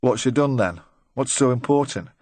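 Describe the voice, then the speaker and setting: A man's voice: medium pitch, lively intonation, normal speed, darkish tone, dry recording, voice pushed up, close to an everyday voice. A man voicing a nervous, talkative middle-aged van driver who rambles and tries to joke his way through questioning. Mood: chatty, uneasy. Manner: rambling, eager to please, forced joviality.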